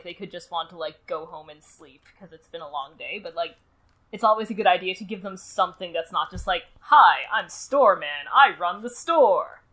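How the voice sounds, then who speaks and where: A woman's voice: mid-range voice, fairly bright tone. A woman co-hosting a casual advice podcast, joking and teasing and talking with many "like" fillers. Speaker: podcast co-host.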